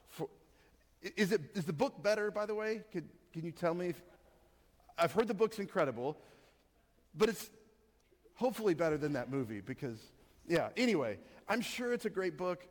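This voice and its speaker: A man preaching a sermon as pastor, telling a story in an animated, rambling way with many fillers. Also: fairly high pitch. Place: church hall. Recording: long reverb of a church hall.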